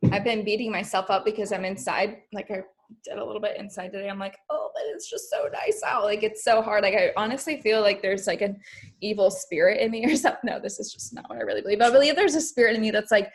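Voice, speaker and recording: A young woman runs a casual group coaching session, her voice sitting in a middle pitch. She talks in a chatty, loose way, dropping "like" and "um" as she goes. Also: steady tone, quick pace. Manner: chatty, fills speech with "like" and "um". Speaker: personal development coach.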